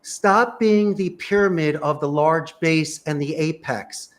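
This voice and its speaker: A man's voice: on the high side, takes it slowly, a little hiss or hum. A man giving emphatic, punchy sales coaching in a panel conversation. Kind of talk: energetic advice in a panel chat.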